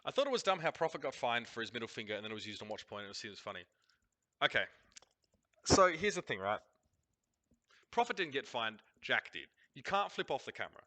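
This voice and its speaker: Brief: Australian man, blunt ranting host, lively and swinging in pitch. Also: quick pace, long pauses. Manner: animated, blunt, swears freely, rants in long runs. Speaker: host reviewing a match broadcast. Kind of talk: casual commentary over a replay.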